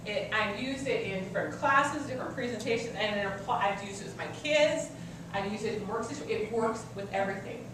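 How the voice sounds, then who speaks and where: A customer service coach, this woman speaks a little fast in a mid-range voice while presenting a workshop to an audience in a meeting room. She teaches conversationally with personal stories. The recording is distant and echoey, with faint ambience and background noise.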